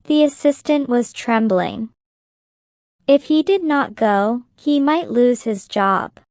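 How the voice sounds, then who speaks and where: Slow, clear woman reading a story. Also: on the high side, a little mellow, no echo, clean studio sound. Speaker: narrator. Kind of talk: slow graded-reader story narration.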